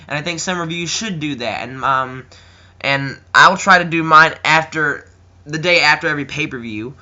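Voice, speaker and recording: A teenage boy talks in a rambling, casual way, full of fillers and restarts. His voice is bright and sits a bit high, and the recording sounds slightly dull and lo-fi. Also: moderate pace. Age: teens. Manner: rambling, filler-heavy, acts out quotes in a higher voice. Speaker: wrestling reviewer. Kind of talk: casual chat.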